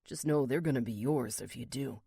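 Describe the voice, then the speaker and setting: A man voicing a rough, blunt male biker who swears and growls his words, in an audiobook. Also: a little fast, warm tone, dry recording, studio quality. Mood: defiant. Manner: crude, swearing, low growl. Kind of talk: audiobook character reading.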